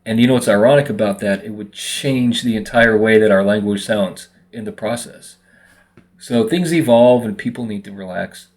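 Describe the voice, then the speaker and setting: Speaking at a normal speed in a lowish voice, a man vlogs to his audience in a relaxed, meandering monologue to camera, full of fillers.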